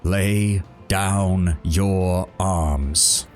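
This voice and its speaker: A man's voice: deep voice, steady tone, soft background music. A man voicing a zealous accuser who preaches about righteousness and sin in a tabletop role-playing game. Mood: accusing. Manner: preachy, measured.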